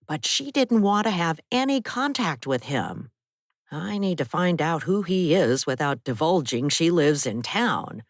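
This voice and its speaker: A woman narrating a first-person thriller audiobook with a tense, measured reading. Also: low voice, no room sound, clean studio sound.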